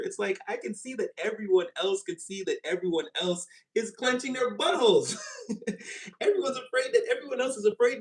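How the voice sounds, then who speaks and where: A man giving a casual, animated tarot reading, chatty and expressive and quick to laugh. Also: high voice. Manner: animated, chatty, swings into voices, laughs often. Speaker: tarot reader.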